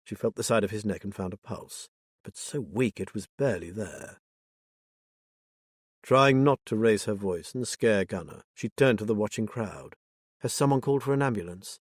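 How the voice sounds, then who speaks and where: A man narrating a thriller audiobook in a measured, even reading. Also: fairly low pitch, slightly rough, no room sound, clean studio sound. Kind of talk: scripted narration.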